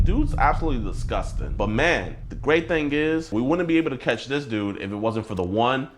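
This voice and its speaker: Man from the United States, calm coaxing confrontation, mid pitch, noisy field audio. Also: fairly quick, few pauses. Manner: calm, coaxing, repeats reassurances. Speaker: predator-catching vlogger. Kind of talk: confronting someone on camera.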